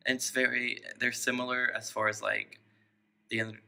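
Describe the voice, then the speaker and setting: Gravelly, bright-voiced young man joking. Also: medium pitch, level tone, moderate pace. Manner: joking, self-mocking, laughs often. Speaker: podcast host. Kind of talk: casual chat.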